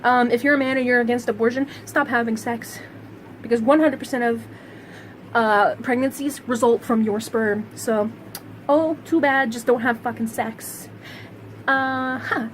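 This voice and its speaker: A woman's voice: on the high side, steady tone, measured pace, a little hiss or hum, poor audio. A woman vlogger delivering a heated, sarcastic monologue to camera, swearing constantly. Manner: profane, heated, sarcastic ranting.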